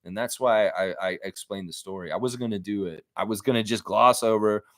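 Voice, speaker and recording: A man's voice: fairly quick, no room sound. A man hosting a basketball fan live stream, chatting casually, reading viewer comments and ranting with the odd swear. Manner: animated, jumps into high-pitched mock voices when quoting people.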